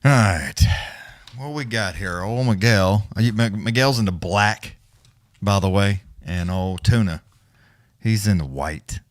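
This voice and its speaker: A man's voice: lowish voice, unhurried, dry recording. Loose, swearing livestream host, man. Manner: loose, rambling, profane, chuckling. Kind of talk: casual profane storytelling chat.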